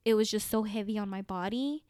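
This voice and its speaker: A woman's voice: medium pitch, fairly quick, dark tone, smooth, no room sound, studio quality. A young woman, a podcast guest, telling a personal story with emotion and lots of fillers. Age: young adult. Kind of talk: casual chat.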